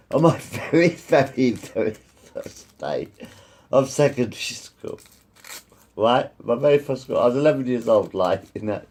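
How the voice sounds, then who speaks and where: A man in his fifties with a gravelly, rough-edged voice tells loose personal stories. His pitch swings up and down with lively expression. He repeats himself often and swears without pause. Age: 50s. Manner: repetitive, circles back and swears freely. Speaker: vlogger. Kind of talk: rambling personal storytelling.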